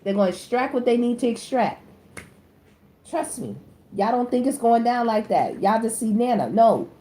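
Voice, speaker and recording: A woman giving a casual tarot reading. She talks to her viewers directly in slangy speech, jumping from loud exclamations to low muttered asides. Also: lively intonation, normal speed. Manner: slangy, addresses the audience directly. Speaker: tarot reader. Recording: echoey room with faint background noise.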